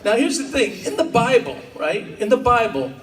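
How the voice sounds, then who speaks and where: A man's voice: very high-pitched, sing-song, normal speed, heavy background noise. A man doing a stand-up comedy set as a wisecracking storyteller, on a comedy club stage with audience laughter behind him. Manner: wisecracking storyteller, mock-tough Italian-American bits. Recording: roomy club audio from a distance. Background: audience laughter and club ambience.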